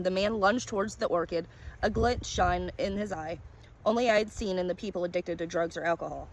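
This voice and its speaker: A woman narrating a first-person short story in a calm, descriptive reading manner. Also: medium pitch, a little fast, slight background noise.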